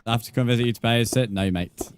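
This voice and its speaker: A man's voice: mid-range voice, very fast, background noise. A young man streaming a game, bantering and joking with his chat and laughing often. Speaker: gaming streamer. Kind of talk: live-stream chat while playing.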